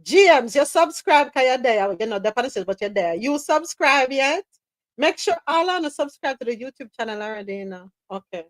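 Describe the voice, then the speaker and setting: A woman hosting a live news chat stream, lively and teasing, calling listeners by name. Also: sits high, brisk, dry recording. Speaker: host.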